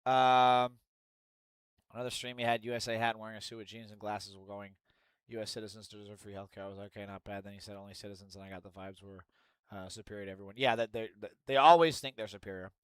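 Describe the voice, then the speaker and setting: A man's voice: lowish voice, steady tone, rapid-fire, smooth, no room sound. A young man live-streaming, reading news aloud and ranting with lots of swearing. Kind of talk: casual live-stream commentary.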